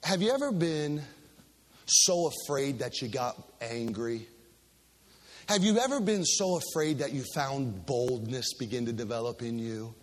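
A man's voice: expressive, unhurried. A male preacher giving an emphatic sermon, reading scripture and calling on the room to finish phrases, heard with a long hall reverb. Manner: call-and-response, emphatic, dropping low for gravity.

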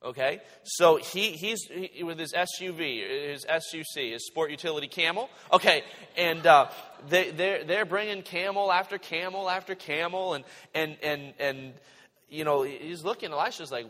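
A man preaching a sermon, retelling the passage in animated storytelling and acting out the characters. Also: on the high side, normal speed. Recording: reverberant hall.

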